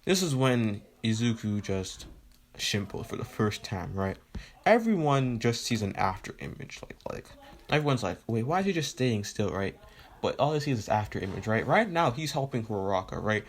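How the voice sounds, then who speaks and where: A man's voice: fairly low pitch, expressive, moderate pace. A man casually retelling a fan story, rambling and leaning on fillers like "right?" and "you know", with the odd swear.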